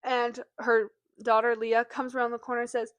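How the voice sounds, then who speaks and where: A woman's voice: on the high side, normal speed, dry recording, muffled recording. A woman co-hosting a book podcast, retelling a plot in a chatty way with lots of fillers. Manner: chatty, heavy use of "like", animated when acting out quotes. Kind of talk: casual chat, retelling a plot.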